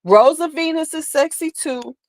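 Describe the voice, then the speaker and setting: A woman's voice: high voice, moderate pace, dry recording. A woman hosting a casual beauty livestream, chatting candidly and sassily with viewers, laughing often. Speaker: beauty channel host.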